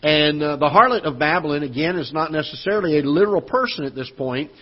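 Earnest preaching pastor, husky voice. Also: male voice, a little high, fast, highs cut off. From Florida. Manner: earnest, conversational preaching with fillers and restarts. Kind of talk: sermon. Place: church auditorium.

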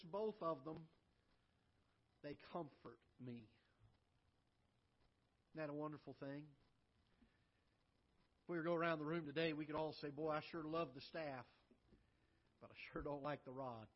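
Man, pastor, sermon, church auditorium, slightly high-pitched, loud bursts and quiet asides, muffled lo-fi recording. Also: normal speed, long pauses. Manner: swings from loud emphatic lines to soft low asides.

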